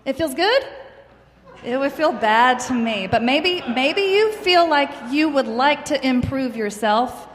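A woman teaching a class of children, gentle and encouraging, asking them questions as she goes. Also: sits high, lively intonation, slow. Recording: echoey room, faint background noise.

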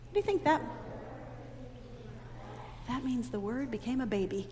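Animated high-voiced woman leading children. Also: moderate pace, long pauses. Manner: animated, teacherly, call-and-repeat. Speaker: children's message leader. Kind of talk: children's sermon. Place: church sanctuary. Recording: long reverb in a big church hall, faint ambient noise.

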